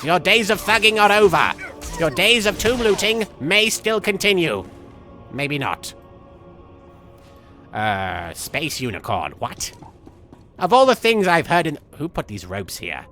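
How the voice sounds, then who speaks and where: A man's voice: fairly high pitch, bright, forceful tone, exaggerated voice. A man playing a manic, childish villain who rambles and jumps between jokes while streaming a game, sniffling from a cold. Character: manic goofy male villain, childish and gleeful. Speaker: livestream gamer. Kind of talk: live game-stream commentary in character.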